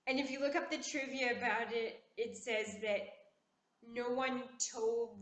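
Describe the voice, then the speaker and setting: A woman vlogger chatting casually, putting on a poised, classy-sounding voice and talking in an opinionated, animated way. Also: a little high, a little slow. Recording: echoey room.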